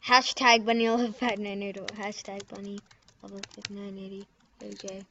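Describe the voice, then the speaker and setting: A woman's voice: medium pitch, level tone, noisy background. Giggly young woman on a lo-fi mic. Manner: giggly, halting, mumbles and trails off. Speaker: gamer recording a prank video. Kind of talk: casual giggly commentary while typing. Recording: dull lo-fi computer mic.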